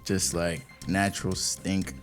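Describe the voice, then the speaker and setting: A man's voice: low voice, flat delivery, slow, soft background music. Laid-back young male college athlete. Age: young adult. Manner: laid-back, short replies. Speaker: college football player. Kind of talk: casual podcast chat.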